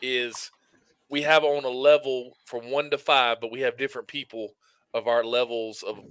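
A podcast co-host chats casually in a laid-back, rambling way. His medium-pitched voice is clear, resonant, and fairly bright, with fairly even intonation and a moderate pace, and there's no room sound.

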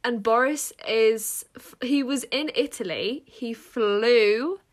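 This is a young woman co-hosting a casual podcast. Her voice is on the high side, and she talks in an animated way with sudden loud exclamations. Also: slow pace. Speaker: podcast co-host. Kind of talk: casual chat.

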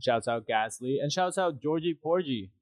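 A man's voice: on the high side, lively intonation, normal speed, no room sound. A man co-hosting a casual racing podcast, rambling and jokey, sometimes slipping into silly voices. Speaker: podcast co-host. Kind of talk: casual chat.

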